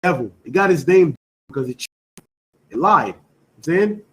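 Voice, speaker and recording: A man with a somewhat high voice leads a scripture class. He teaches by call and response, repeating his questions and stressing each key word, with a steady "you know what I'm saying" running through his talk. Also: normal speed, poor audio. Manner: quizzing students with repeated questions, emphatic.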